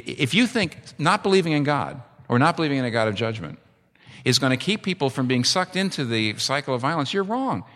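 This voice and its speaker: A man's voice: on the low side, a bit bright. Impassioned male preacher in a reverberant hall. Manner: impassioned, rises sharply for emphasis. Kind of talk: sermon. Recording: long reverb of a large hall.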